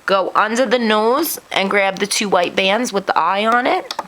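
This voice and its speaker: Her voice sits in the mid range at a normal speed with a fairly bright tone as she guides viewers through a craft project step by step. She sniffles, keeps things chatty and self-deprecating, and narrates her hands-on work over slight background noise on a low-quality recording.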